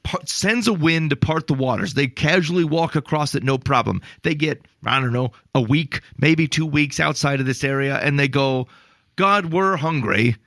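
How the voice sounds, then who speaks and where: Gravelly man, animated exasperated storyteller. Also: a little high, normal speed, hardly any pauses, no room sound. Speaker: podcast co-host. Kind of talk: casual faith podcast discussion.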